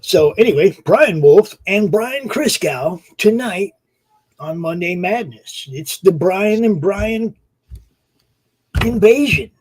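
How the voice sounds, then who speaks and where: A man with a fairly high, husky voice rambles through a casual livestream chat. He talks offhand and swears casually as he co-hosts. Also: expressive, slow pace, a little mellow, low-quality recording. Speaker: co-host.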